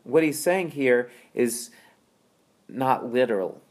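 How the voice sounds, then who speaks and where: Male Bible teacher, casual, chatty delivery with fillers and "right?" checks, mid-range pitch. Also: lively intonation, slow. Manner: conversational, with frequent fillers and tag questions.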